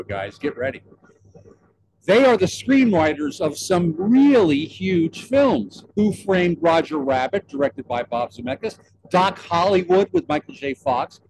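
Animated older man telling a story. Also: on the high side. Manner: animated storyteller, acts out quotes. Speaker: podcast host. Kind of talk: casual storytelling chat.

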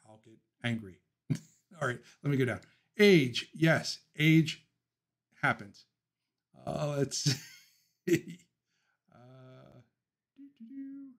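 A man's voice: fairly high pitch, wildly swooping pitch, slow, long pauses, slightly rough. A man from Philadelphia hosting a casual livestream, talking through viewer comments, ranting with opinions and laughing often. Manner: talks through thoughts with frequent ums and restarts. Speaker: livestream host.

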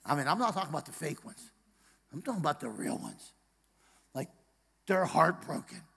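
A man preaches in a church with a slightly high voice, dropping to near-hushed tenderness before building to loud, emphatic calls. He jokes with his congregation and asks them questions. His words ring out with a long reverb across the sanctuary. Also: sing-song, normal speed, creaky, husky. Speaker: pastor. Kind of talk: sermon.

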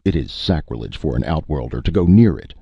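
A man's voice: very deep voice, sing-song, a little fast, vocal fry, husky, no echo, lo-fi sound, pitched above the performer's own voice, full character voice. A man voicing a proud, boastful alien warrior chief who rules as god-king, speaking in a stately, commanding way. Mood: proud, stern.

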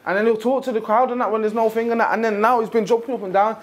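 A young man, a rapper chatting casually backstage before a show, animated and swearing freely. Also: high-pitched, rapid-fire. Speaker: rapper on tour.

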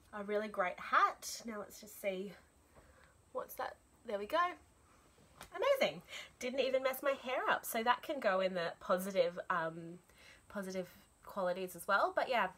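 A woman's voice: medium pitch, pushed and bright. A young woman hosting a knitting podcast, chatting enthusiastically about her projects with frequent ums and little laughs.

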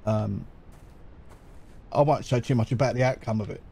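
A man's voice: on the low side, moderate pace, gravelly, warm tone, husky. A middle-aged man chatting through gameplay commentary, giggly and rambling. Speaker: gaming YouTuber.

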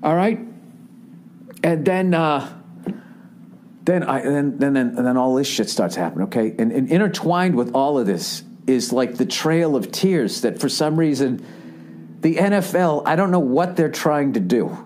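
A man's voice: mid-range voice, animated, a little slow, darkish tone, a little hiss or hum. A middle-aged man, telling a rambling, profane comedic story as a podcast host. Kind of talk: casual comedic monologue.

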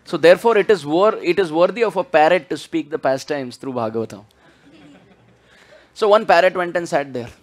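Animated high-voiced man preaching. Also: a little fast. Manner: animated, chants scripture verses. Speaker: spiritual speaker. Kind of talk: sermon.

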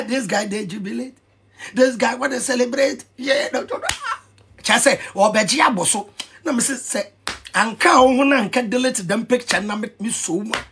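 A Ghanaian man ranting in an animated vlog commentary, excitable and mixing pidgin with Twi. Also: very high voice, slight background noise. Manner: excitable, switching between pidgin and Twi, shouting and laughing. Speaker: vlogger.

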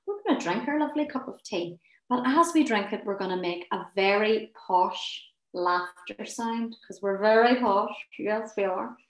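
A woman leading a guided laughter and relaxation session. She gives gentle, encouraging, soothing instructions. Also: medium pitch, normal speed, roomy sound, rough recording. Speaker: wellness session leader.

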